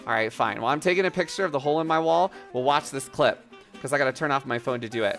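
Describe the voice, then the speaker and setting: A woman's voice: extremely low pitch, quick pace, faint music behind. A woman streaming live in casual, playful chat, thanking viewers and joking crudely with frequent laughter. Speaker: livestreamer.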